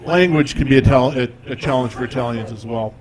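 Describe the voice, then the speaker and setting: A man's voice: medium pitch, fairly quick, a crowd in the background. A man in his forties performing a stand-up comedy routine on stage, with a conversational, self-deprecating delivery. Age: 40s. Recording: live audience in a comedy club.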